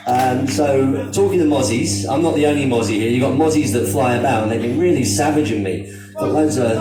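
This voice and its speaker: A man's voice: mid-range voice, moderate pace. A British man doing live stand-up comedy on stage in a put-on Australian accent, rambling, self-mocking and swearing freely. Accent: mock Australian over British. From Britain. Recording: very echoey, distant from the mic, music behind.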